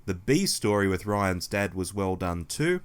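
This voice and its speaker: A man with a hoarse voice, co-hosting a casual podcast chat in an animated, mock-scolding way. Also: sits low, a little slow. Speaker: podcast co-host.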